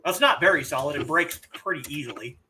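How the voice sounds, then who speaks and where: A man's voice: on the high side, expressive, brisk, noisy background. A middle-aged man casually bantering with his chat while livestreaming a game. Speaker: livestream gamer.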